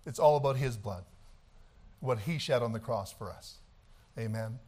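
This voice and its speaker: A man preaching a sermon, swinging between shouted, fiery passages and quieter, conversational talk. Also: mid-range voice, normal speed.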